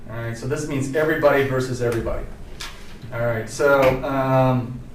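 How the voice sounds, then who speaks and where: A man's voice: medium pitch, moderate pace, slight background noise. A man from Kentucky running a live conference workshop, chatty and apologetic, with many fillers and restarts. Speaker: workshop presenter. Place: conference room. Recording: echoey room, distant mic, faint music.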